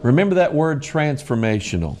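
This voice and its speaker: A man's voice: medium pitch, sing-song, fairly quick, a little mellow. A middle-aged American man hosting a broadcast, reading news articles aloud and commenting on them with passion. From United States. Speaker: preacher and broadcast host.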